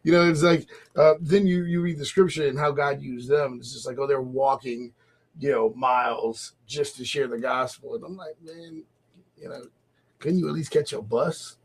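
A man hosting a casual faith talk show, animated and laughing often as he acts out little voices. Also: mid-range voice, normal speed, vocal fry. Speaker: host. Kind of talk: casual radio chat about faith.

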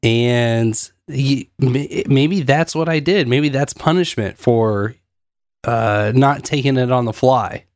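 A man's voice: mid-range voice, slow pace, no echo, studio quality. A man hosting a podcast in casual, self-deprecating chat, often laughing. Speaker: podcast host.

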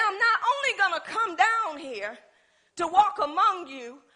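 A woman's voice: very high-pitched, sharp tone. A woman preaching a sermon, calling on the congregation to respond, folksy and emphatic.

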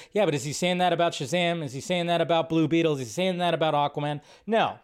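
A man hosts a casual live show about movie news, talking from his home computer setup. His voice sits a little high for a man. He rambles in a chatty way and thinks aloud with plenty of fillers. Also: fast talker, few pauses, a little mellow, clear, resonant tone. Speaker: host.

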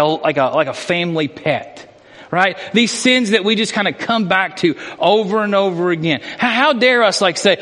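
A man delivers a sermon as a pastor, his voice pitched high for a man. He preaches in earnest, dropping low and slow for quiet points and then speeding up with rising passion. His words ring out with a long reverb, as in a large hall. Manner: earnest preaching, swings from hushed to impassioned.

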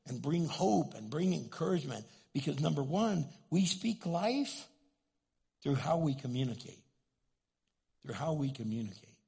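A man preaching with a gravelly, very husky voice that sits a little high. He tells stories in an animated way and acts out the voices of the people in them. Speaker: pastor. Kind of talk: sermon.

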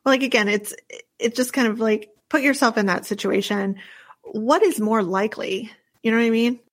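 A woman's voice: fairly high pitch, normal speed. A woman co-hosting a casual true-crime podcast, musing aloud with many fillers and loose, rambling sentences. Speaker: podcast co-host.

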